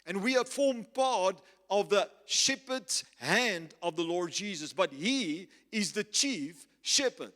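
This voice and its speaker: A male pastor preaching a sermon, slow and emphatic, repeating key phrases. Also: sits high, expressive, sharp tone. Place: church. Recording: reverberant church hall with faint music.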